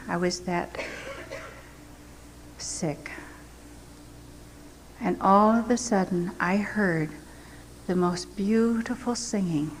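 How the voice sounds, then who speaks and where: A woman's voice: mid-range voice, darkish tone. An older woman from the United States giving a heartfelt personal testimony as a missionary, earnest and sometimes sinking to a near-whisper. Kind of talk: emotional personal storytelling. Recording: long hall reverb, faint background hiss.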